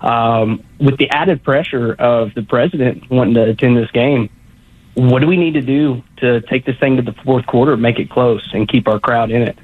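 A man's voice: medium pitch, moderate pace. Male caller, earnest and polite, over a thin phone line. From Northeast Tennessee. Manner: polite, earnest, hesitant ums. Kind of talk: call-in radio question.

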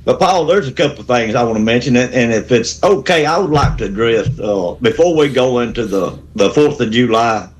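A man's voice: mid-range voice, expressive, a little fast, few pauses. A man, calling a sports radio show with a rambling, fired-up pep talk. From Alabama. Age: 60s. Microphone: phone call.

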